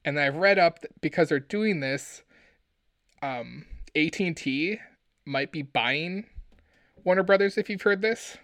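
A man co-hosting a casual pop-culture podcast, talking in excitable, joking rants. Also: a little high, unhurried, pauses often, no echo, studio quality. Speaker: podcast co-host.

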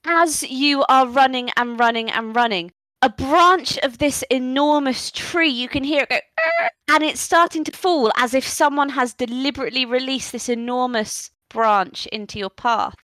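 Woman game master, bright voice, kinda high, dry close sound. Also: moderate pace, few pauses, no room sound, rough recording. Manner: lively, playful narration. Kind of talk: narrating a tabletop game.

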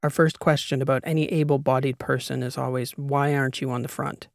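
A man reading an audiobook voices a composed female spy handler in a measured, matter-of-fact way. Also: mid-range voice, little pitch movement, vocal fry, no echo, clean studio sound, lightly acted. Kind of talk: audiobook character voice.

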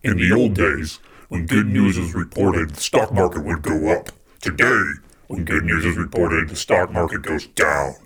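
A man reading posts through a pitched-down voice filter that makes him sound like a gloating, demonic male politician. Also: normal speed, fairly bright tone, breathy edge. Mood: menacing. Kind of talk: comedic soundboard bit.

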